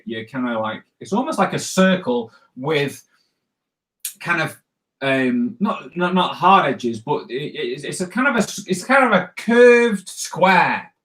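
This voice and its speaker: A man's voice: on the high side, fairly bright tone. A man leading a casual live drawing tutorial, rambling and chatty with many fillers and restarts. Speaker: cartoonist teaching drawing.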